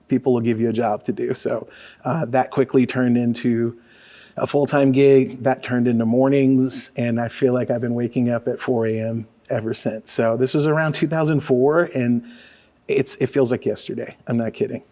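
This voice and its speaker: A man's voice: mid-range voice, moderate pace. A man in his forties from Louisiana, a radio DJ telling stories in a casual interview, with an easygoing style full of fillers. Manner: relaxed storyteller, lots of fillers. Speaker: radio DJ, guest.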